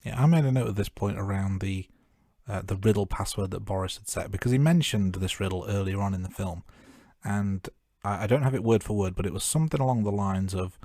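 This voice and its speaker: A man's voice: fairly low pitch, vocal fry, mellow, dry recording, clean studio sound. A man co-hosting a film review podcast, chatting casually and raising wry, jokey questions about the plot. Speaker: podcast co-host. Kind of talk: casual movie review chat.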